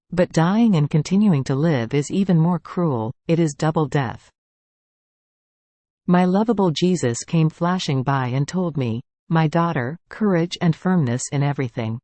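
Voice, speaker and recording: Calm reader in a dry close-miked recording. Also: medium pitch, no room sound. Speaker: reader of devotional writings. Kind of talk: steady scripted reading aloud.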